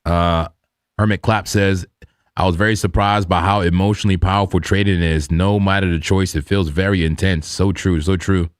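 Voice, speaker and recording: A man with a lowish voice hosts a live trading stream, chatting loosely in slang and hyping up his viewers. The sound is dry and close, with no room echo. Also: fairly even intonation, moderate pace. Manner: hyped, slangy, talks to the chat. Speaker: livestream trading host. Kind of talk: casual live-stream commentary.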